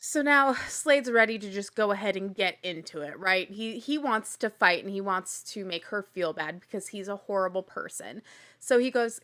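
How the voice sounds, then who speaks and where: A young adult woman hosting a casual rewatch recap, animated and sarcastic, laughing often and acting out quotes. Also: medium pitch, normal speed. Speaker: podcast host recapping a reality show.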